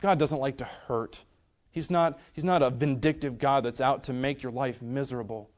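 A young man preaching a sermon in an earnest way, swinging from loud emphasis to soft, hushed storytelling. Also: medium pitch, fairly even intonation, normal speed.

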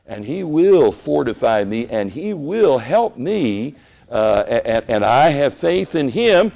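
A man preaching a sermon in an animated way, rising into emphatic bursts and often restarting his phrases. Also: medium pitch, slow pace, vocal fry.

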